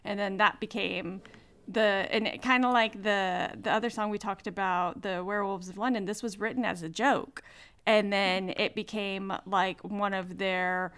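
Chatty woman with a smooth voice. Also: medium pitch, fairly even intonation, moderate pace, a bit bright. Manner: chatty, lots of fillers and laughter. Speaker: podcast co-host. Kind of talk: casual chat.

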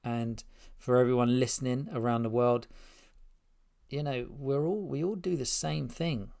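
This is a podcast host, a middle-aged man with roots in Spain and England, giving an unscripted personal address from his spare room. He rambles and restarts often, sounding heartfelt. The voice sits mid-range, slightly mellow with some vocal fry, fairly even in intonation and a little slow.

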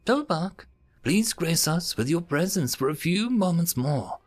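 A man reading an audiobook and voicing a soft-spoken female tree-person council leader. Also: fairly high pitch, expressive, unhurried, pitched above the performer's own voice. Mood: calm. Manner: soft, gentle, courteous. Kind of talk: audiobook character voice.

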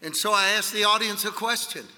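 A man preaching a sermon at a conference, telling a story emphatically and rising to shouts. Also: high voice, brisk. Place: large conference hall. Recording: long hall reverb.

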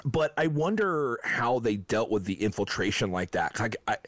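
A man chatting casually on a podcast, telling stories in a relaxed, rambling way with lots of "like" and "I mean." His voice is at an average pitch for a man and sounds dry and close, with no room echo. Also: normal speed. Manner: laid-back storyteller, filler-heavy. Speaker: former touring band member.

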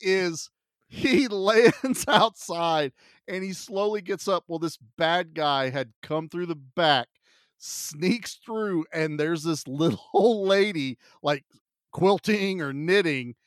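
A man's voice: fairly high pitch, slow pace, no room sound, clean studio sound. A man co-hosting a casual movie podcast, animatedly retelling scenes and laughing as he goes. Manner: animated, laughing storyteller who quotes scenes. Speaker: podcast co-host.

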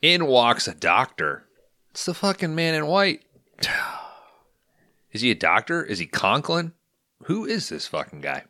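A man's voice: mid-range voice, huge pitch swings, a little slow, pauses often, pushed and bright. A man hosting a podcast, casually retelling a film's plot with plenty of profanity. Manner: profane, storytelling. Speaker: podcast host. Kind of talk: casual recap of a film.

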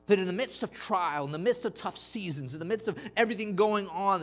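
A man's voice: sits high, brisk, faint music behind. A man preaching a sermon, emphatic, calling on the congregation to respond. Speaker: pastor.

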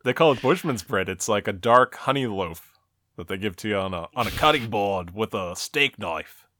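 A man's voice: fairly low pitch, expressive, normal speed, bright, forceful tone, no echo. A man hosting a podcast, recapping an episode step by step with dry jokes. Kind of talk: episode recap and casual chat.

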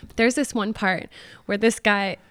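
A woman's voice: medium pitch, steady tone, moderate pace, fairly bright tone, smooth, no echo, studio quality. A woman chatting casually as a podcast guest, giggly and rambling, with lots of "like". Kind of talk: casual chat.

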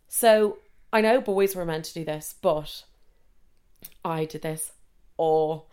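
Young irish woman telling wild stories, swears a lot, clear smooth voice. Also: deep voice, slow, long pauses. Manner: animated, swears freely, acts out quoted voices. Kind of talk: casual storytelling monologue.

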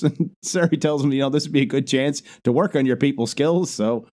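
A man's voice: fairly high pitch, brisk, few pauses, darkish tone. A man co-hosting a podcast, recapping a cartoon episode in an easygoing casual chat. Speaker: podcast co-host.

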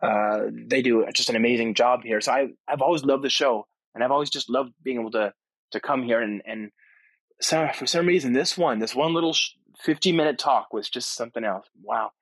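Male podcast host, mid-pitched, very dry close sound, excitable and rambling, heavy on "you know" and "um.". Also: brisk, no echo. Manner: enthusiastic, rambling with frequent fillers and restarts. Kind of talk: casual spoken monologue. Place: on location at a tech conference abroad.

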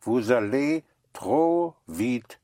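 A French teacher giving a slow, patient one-on-one lesson and spelling words out letter by letter. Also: mid-range voice, expressive, mellow.

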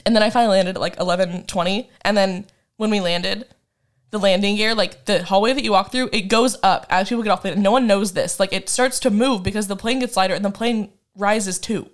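A woman's voice: mid-range voice, steady tone, fairly quick. A woman in her twenties chatting casually as a podcast co-host, telling a rambling, dramatic story full of laughs. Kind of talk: casual chat.

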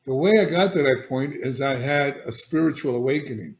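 Older male guest, candid storyteller, emphatic with many restarts, mid pitch, roomy echo. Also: a little fast. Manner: animated and emphatic, frequent restarts and "all right?" check-ins. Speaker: guest, addiction therapist. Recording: echoey room.

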